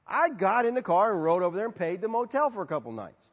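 A man's voice: sits high, quick pace. A man preaching as a pastor, answering a congregation's question and acting out conversations as he tells stories. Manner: animated storytelling, acting out both sides of dialogues. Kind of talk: sermon Q&A. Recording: dull sound, long hall reverb.

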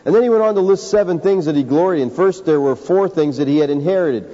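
Male pastor, high mellow voice, emphatic sermon delivery, reverberant hall, muffled lo-fi recording. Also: fast. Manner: emphatic preaching, addresses listeners as folks. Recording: dull lo-fi sound with long hall reverb.

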